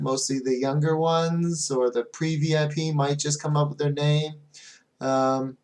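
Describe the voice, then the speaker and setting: A man who teaches English online, giving casual advice to fellow teachers, with fillers, and slowing right down whenever he models a phrase. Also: fairly high pitch, darkish tone.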